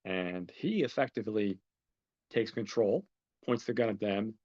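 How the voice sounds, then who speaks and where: A man's voice: lowish voice, a little slow, a little mellow, lo-fi sound. A man hosting a podcast, recapping a film in a rambling, chatty way and talking straight to his listeners. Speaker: podcast host.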